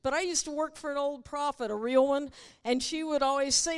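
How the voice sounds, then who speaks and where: A woman's voice: sits high, fairly even intonation, a little fast. A woman preaching a sermon in a church, teasing the congregation and acting out quoted voices in a playful manner. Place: church sanctuary. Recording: long hall reverb.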